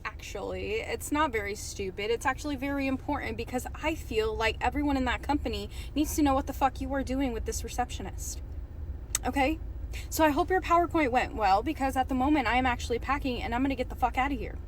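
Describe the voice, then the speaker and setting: A woman's voice: sits high, quick pace, slight background noise. A woman telling a personal story in a casual, dramatic and sarcastic way.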